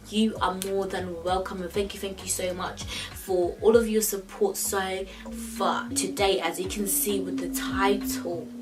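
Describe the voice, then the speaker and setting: A young woman vlogger telling a story in a chatty, animated way, with many fillers. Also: medium pitch, recorded from a distance, rough recording. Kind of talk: casual story time vlog.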